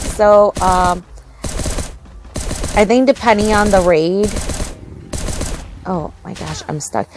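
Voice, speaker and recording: A young woman narrating her own gameplay in a casual, excitable, easily distracted way, full of fillers and sudden outbursts. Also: mid-range voice, takes it slowly, long pauses, slight background noise. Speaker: gaming channel host. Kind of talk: casual game commentary.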